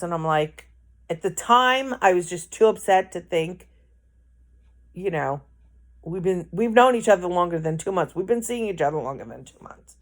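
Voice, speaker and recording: A woman's voice: lowish voice, lively intonation, moderate pace. A woman telling a personal story in an emotional, rambling way, full of restarts and repeated words.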